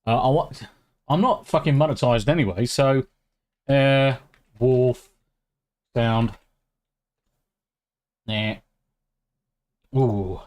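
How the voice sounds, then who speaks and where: A British man chatting casually on a live stream. He reacts excitably to chat and swears freely. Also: mid-range voice, very slow, pauses often. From United Kingdom. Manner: excitable, swears freely, talks while eating.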